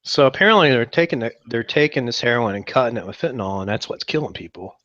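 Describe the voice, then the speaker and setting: A man from West Virginia trades wry, sarcastic banter as a podcast co-host. His voice sits mid-pitched and dry, with no room around it. The sound is slightly dull and lo-fi. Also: animated, fast talker, fairly bright tone, dry recording.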